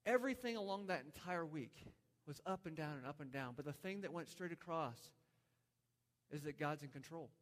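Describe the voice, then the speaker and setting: Earnest pastor in a reverberant hall. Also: male voice, on the high side, expressive, moderate pace. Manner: storytelling, earnest, with many restarts. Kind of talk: sermon.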